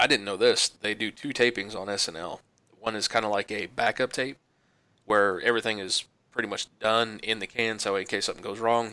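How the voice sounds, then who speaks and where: A man's voice: on the low side, dry recording. A man co-hosting a casual movie podcast, telling a story and acting out other people's lines. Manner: animated storyteller who acts out other people's voices. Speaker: podcast co-host. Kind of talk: casual chat, telling an anecdote.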